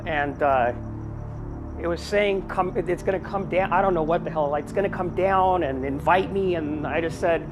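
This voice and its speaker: High-voiced guy rambling, worked up, music behind. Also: moderate pace. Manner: agitated, rambling, tense. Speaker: paranormal investigator. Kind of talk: shaken recap to camera.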